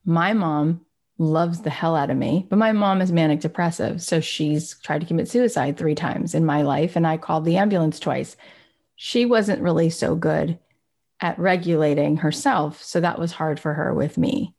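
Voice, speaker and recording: Candid woman with a gravelly voice. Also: deep voice, moderate pace, darkish tone. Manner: candid and reflective. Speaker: speaker. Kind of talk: personal motivational talk.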